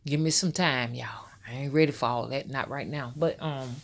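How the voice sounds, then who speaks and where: A woman's voice: very deep voice, normal speed, vocal fry. A woman, a spiritual rootworker talking loosely and directly to her viewers. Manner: loose, storytelling, addresses viewers as y'all. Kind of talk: casual spoken monologue to viewers.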